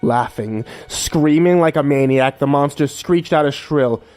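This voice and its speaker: A man reading a horror story aloud in a measured, dramatic narration. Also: on the high side, darkish tone. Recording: faint music underneath.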